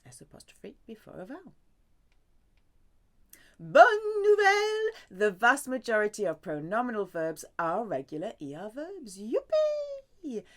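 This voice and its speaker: A woman with a low-set voice that swoops up and down as she teaches. She explains step by step in a playful, sing-song manner and drops in little jokes and cheery exclamations along the way. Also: creaky. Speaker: French teacher. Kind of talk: online language lesson.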